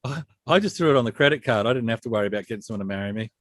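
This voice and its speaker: A man co-hosting a podcast, telling stories in blunt, animated casual chat. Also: mid-range voice, rapid-fire, no echo. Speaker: podcast co-host.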